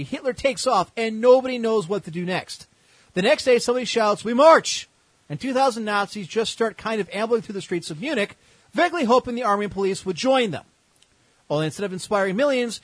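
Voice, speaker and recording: A man's voice: sits high, no room sound, low-quality recording. A man hosting a podcast, telling history as comedy with sarcastic, irreverent asides. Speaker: podcast host.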